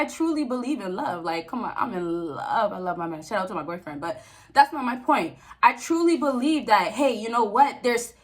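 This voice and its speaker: A woman's voice: high-pitched, a bit bright. A young woman giving relationship advice to men in a casual, preachy vlog, repeating herself for emphasis and laughing often. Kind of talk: casual direct-to-camera advice talk.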